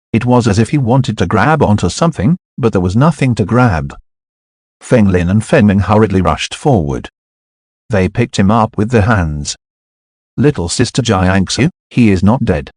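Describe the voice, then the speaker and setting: Low-voiced man narrating a novel. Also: lively intonation, normal speed, darkish tone, husky, no echo, studio quality. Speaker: audiobook narrator.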